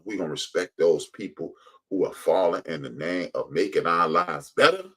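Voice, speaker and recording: A male podcast host with a husky, slightly low voice. He talks emphatically and preaches, pushing his points hard and building to loud bursts. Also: normal speed, poor audio. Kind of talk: impassioned commentary.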